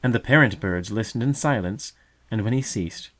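Male storybook narrator, deeper voice, calm measured delivery.

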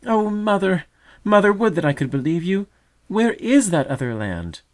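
A man voicing a young doubting brother bird in a storybook, scoffing and agitated, pitched far above his own voice. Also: big pitch swings, normal speed. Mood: anguished.

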